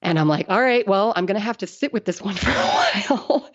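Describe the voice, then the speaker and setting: A woman's voice: mid-range voice, lively intonation, a little fast. A middle-aged woman engineer, a podcast guest, telling stories in casual talk, laughing often and acting out the people she quotes. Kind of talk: casual interview storytelling. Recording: dull lo-fi podcast audio.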